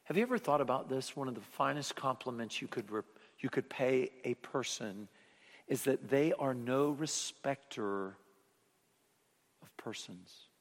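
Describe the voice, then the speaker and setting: A man preaching a sermon, rising to loud emphatic lines and then dropping to hushed, low endings. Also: measured pace. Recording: long hall reverb.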